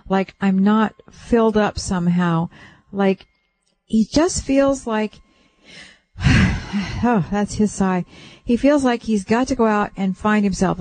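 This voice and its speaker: Woman radio host doing a psychic reading for a caller. Mellow, gentle and reassuring, relays it bit by bit. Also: mid-range voice, poor audio. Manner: gentle, reassuring, relays what she senses in layers. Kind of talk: soothing call-in reading. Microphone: radio studio mic.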